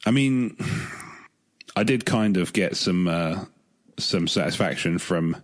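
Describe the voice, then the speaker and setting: Male podcast co-host, deep voice, hesitant rambling chat. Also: slow pace. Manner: rambling, hesitant, restarts often.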